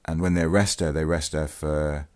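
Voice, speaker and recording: A man with an extremely low, darkish voice hosts his own vlog, speaking fairly quickly in a steady tone. He walks through a true-crime case casually and hesitantly, with many ums and restarts, at times reading excerpts from a news article aloud.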